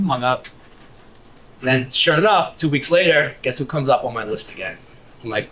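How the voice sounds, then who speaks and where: A man working as a broker, telling a lively anecdote to a workshop audience. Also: mid-range voice, brisk, pauses often, poor audio. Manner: lively storyteller, acts out quotes.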